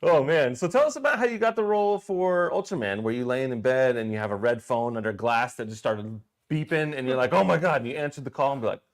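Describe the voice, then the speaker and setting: A man's voice: medium pitch, fast talker, hardly any pauses. A man hosting a casual interview, playful and joking, who asks his questions by spinning silly made-up scenarios. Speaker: interview host.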